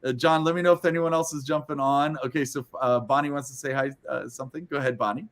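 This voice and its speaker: A man's voice: medium pitch, fairly even intonation, fast talker, fairly bright tone. A man hosting a book launch on a video call, upbeat and chatty, laughing often between remarks. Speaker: host of a book launch livestream. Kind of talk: casual livestream hosting.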